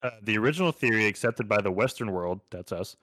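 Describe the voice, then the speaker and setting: A man's voice: fairly low pitch, animated, quick pace, a bit bright, no echo. A man chatting casually with friends, joking around and reading facts aloud. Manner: jokey, reads facts aloud. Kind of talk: casual chat.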